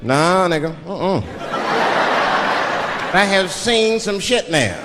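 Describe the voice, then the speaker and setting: A man's voice: sits high, very animated, slow, heavy background noise. A man from Washington DC doing a stand-up comedy set, telling stories in a loose, profane way. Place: large live theater. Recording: live echoing hall with loud audience.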